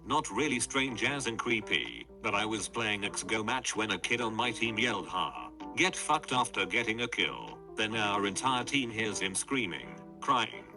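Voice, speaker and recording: A synthetic male voice reads forum stories aloud, pitched a little low. The delivery stays flat and even throughout, with music playing clearly beneath him. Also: moderate pace, few pauses. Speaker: narrator reading forum posts. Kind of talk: text-to-speech story reading. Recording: background music under voice.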